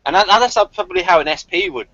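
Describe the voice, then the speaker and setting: Male host, casual call discussion, animated and fairly high-pitched, dull lo-fi audio. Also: fast talker. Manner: lively, animated, laughs often. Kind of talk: casual online group discussion. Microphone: video call.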